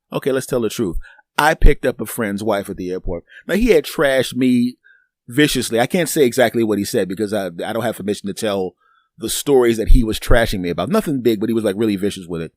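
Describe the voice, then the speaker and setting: A man's voice: mid-range voice, a little mellow, dry recording, clean studio sound. A middle-aged man hosting a podcast, telling a long story in a loose, rambling way, repeating words and acting out both sides of conversations. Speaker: podcast host. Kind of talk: casual storytelling monologue.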